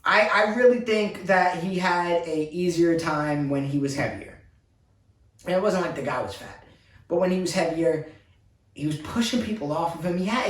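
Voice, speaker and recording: An exasperated man rants as a frustrated basketball fan, piling up complaint after complaint. His voice sits a little high for a man. It comes from some distance off the mic, in a room with a roomy echo. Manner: exasperated, repetitive ranting.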